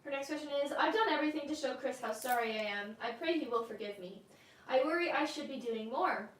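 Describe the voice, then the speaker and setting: High-voiced woman briskly reading questions. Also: animated, echoey room, distant mic. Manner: brisk, reads questions quickly. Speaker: co-host reading viewer questions.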